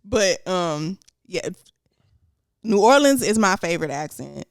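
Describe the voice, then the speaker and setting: Lively giggly woman with a Houston accent. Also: on the low side, a little slow, dry recording, studio quality. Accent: Houston Texan. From Houston, Texas. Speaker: podcast co-host. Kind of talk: casual chat.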